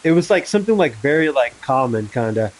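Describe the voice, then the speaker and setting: A man's voice: medium pitch, sing-song, brisk, low-quality recording. A young man chatting casually with a friend while gaming, rambling with many fillers, laughing and swearing. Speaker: gamer. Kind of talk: casual chat over voice chat.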